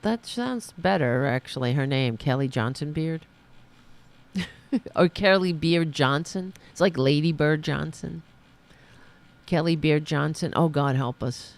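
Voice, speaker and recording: A woman hosting a political podcast, ranting with sarcasm and outrage, dropping to mutters and rising to shouts. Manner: broad pitch swings from muttering to shouting. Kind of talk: ranting commentary.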